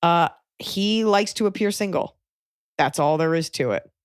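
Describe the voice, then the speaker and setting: A woman's voice: fairly low pitch, expressive, normal speed, clear, resonant tone, no room sound, studio quality. A woman hosting a podcast, giving frank advice in casual chat, often restarting her sentences. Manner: chatty, frank, self-interrupting. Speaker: podcast host.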